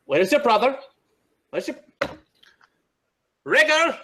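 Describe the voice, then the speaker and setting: A man's voice: very high-pitched, animated, slow, bright, forceful tone, voice pushed up, full character voice. A man voicing an eager, talkative young male wanderer who jabbers constantly.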